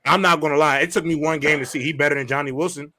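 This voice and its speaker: A man's voice: on the high side, steady tone, racing, a crowd in the background. A man co-hosting a casual sports podcast, making his points emphatically and repeating them. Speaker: podcast co-host.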